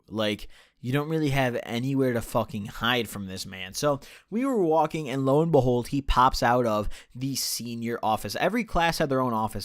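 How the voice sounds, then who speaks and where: A man's voice: mid-range voice, no room sound, clean studio sound. A young man in his late teens telling a personal story in a casual, rambling way, swearing freely and correcting himself as he goes. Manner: rambling, profane, restarts and self-corrections. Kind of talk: casual storytime chat over gameplay.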